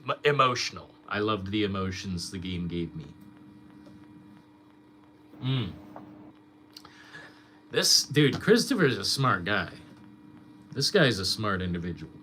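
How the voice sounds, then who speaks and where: A man's voice: sits low, big pitch swings, slow, long pauses, pushed and bright, slight background noise. A young man streamer ranting in casual chat, swearing a lot and mocking his critics.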